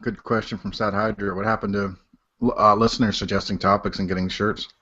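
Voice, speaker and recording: A man's voice: lowish voice, level tone, a little fast, sharp tone, husky, highs cut off. A man co-hosting a podcast from his basement bar, easygoing and jokey. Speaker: podcast co-host. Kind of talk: casual chat.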